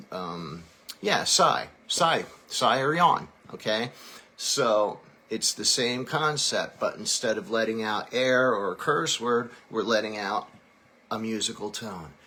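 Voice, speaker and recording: A man's voice: fairly low pitch, sharp tone. A man teaching a singing lesson, explaining technique and then singing short vowel drills to demonstrate. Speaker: vocal coach.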